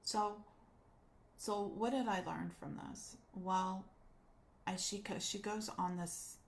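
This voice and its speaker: A woman life coach telling a personal story, animated and acting out the voices she quotes. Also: medium pitch, takes it slowly, gravelly.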